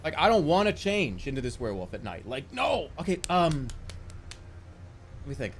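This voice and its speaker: A man in his forties talking on a live stream, his voice sitting a little higher than most men's. He rambles and argues with animated energy, piling up fillers and the odd curse word, all in a loose, casual chat. He sounds like he is speaking into a desk mic at his streaming setup. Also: normal speed, slight background noise. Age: 40s.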